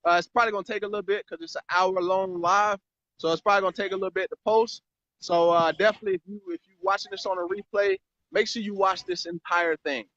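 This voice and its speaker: A man's voice: high voice, fairly even intonation, fast talker, a bit bright, no echo. A man hosting a casual live stream chat about marketing, rambling and repeating words. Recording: dry, slightly muffled live stream audio.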